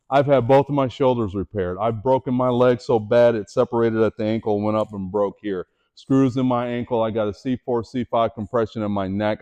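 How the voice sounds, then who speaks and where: A middle-aged man giving a motivational talk to students, telling his story with animation and asking the audience direct questions. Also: mid-range voice. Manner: animated storytelling, voices the people in his stories. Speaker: motivational speaker.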